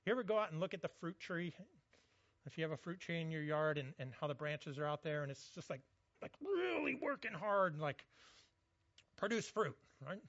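A man's voice: a little high, steady tone, fast talker, fairly bright tone, no room sound, highs cut off. A male pastor giving a conversational sermon, often repeating words as he goes.

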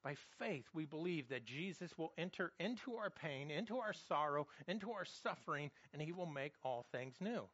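A man delivers a sermon in an earnest, emphatic way, stumbling over repeated words as he presses his point with questions. His voice sits high for a man. The sound is dry and a little muffled. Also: lively intonation, moderate pace, few pauses, a bit bright, no room sound. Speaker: pastor.

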